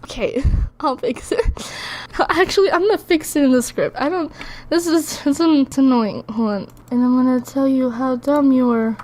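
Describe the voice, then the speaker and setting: A woman's voice: high voice, moderate pace, darkish tone. A woman in casual chat, giggly and flustered.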